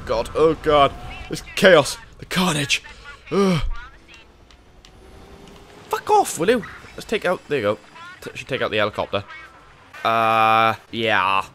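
A man's voice: medium pitch, a bit bright, a little hiss or hum. A man giving live, panicky commentary on his own gameplay, swearing and talking to himself. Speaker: gaming YouTuber.

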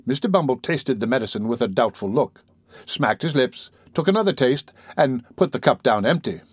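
A man reading a classic novel aloud as an audiobook narrator, in a measured, theatrical way. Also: mid-range voice, expressive, breathy edge, no room sound. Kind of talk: scripted narration.

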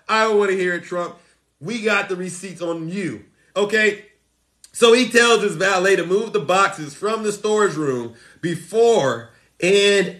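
Animated high-voiced male political commentator.

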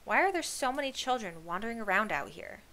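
Storybook shepherd, older woman, brusque and bossy, bright loud voice as a female reader puts her on. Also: on the high side, very animated, fast talker, exaggerated voice.

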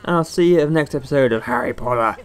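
A man's voice: mid-range voice, fast. A man giving casual, jokey commentary over a video game, rambling and talking back to the characters on screen. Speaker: gaming channel host. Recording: faint game music behind the voice. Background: faint game music.

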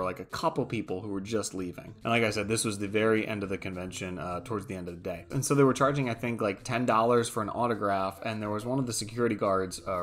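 A man's voice: on the low side, fairly bright tone. A young man talking casually in a gaming news vlog, chatty and laughing between points as he tells anecdotes.

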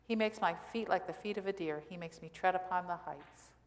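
Speaking a little fast in a fairly low voice, a woman pastor preaches in an echoing church sanctuary. Her sermon is conversational, peppered with rhetorical questions aimed at the congregation.

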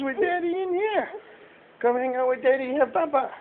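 Dad at home filming his little one, lively sing-song coaxing, lo-fi noisy audio. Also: extremely high pitch, a little fast. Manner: coaxing, playful baby talk. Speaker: father. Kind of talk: home video, talking to his toddler. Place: family home, indoors. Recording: tinny phone-like audio, noisy.

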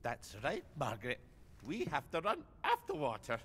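A man's voice: mid-range voice, wildly swooping pitch, moderate pace, a bit bright, breathy edge, big-room sound, exaggerated voice. An actor voicing a lonely older man in a video game who talks to his absent wife, rambling and wistful.

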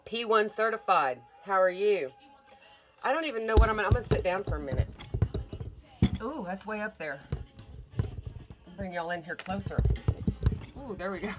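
A woman artist livestreams from home in the morning, greeting viewers and chatting in a casual, scattershot way while swearing offhand. Her medium-pitched voice moves at a normal speed with long pauses over loud music, captured in dull lo-fi phone audio.

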